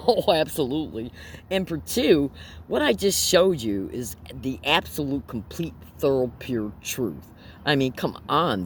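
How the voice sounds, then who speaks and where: Slight background noise accompanies a man with a medium-pitched voice vlogging to camera. In his monologue he comes across agitated and emphatic, quizzing viewers rhetorically and letting out nervous laughs.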